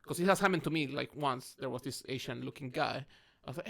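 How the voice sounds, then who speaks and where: A man's voice: mid-range voice, fast talker, gravelly, fairly bright tone. A man from Mexico chatting casually on a podcast, calling his friend "mate" and restarting his sentences often. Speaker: podcast co-host. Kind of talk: casual chat over drinks.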